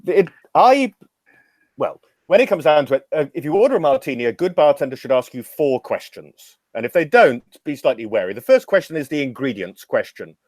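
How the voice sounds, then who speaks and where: A man's voice: a little high, sing-song, a little fast, a little mellow, no room sound. Dry-voiced man telling wry anecdotes. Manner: expansive, anecdotal, wry humor. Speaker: podcast guest, drinks educator. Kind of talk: casual storytelling interview.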